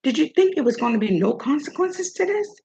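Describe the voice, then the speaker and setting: A woman's voice: high voice, sing-song, fast talker, creaky, dark tone, slight background noise. An older woman hosting an opinion commentary vlog, sassy and talking straight at the person she criticizes. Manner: sassy, talks straight at her subject. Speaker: host. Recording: dull lo-fi recording.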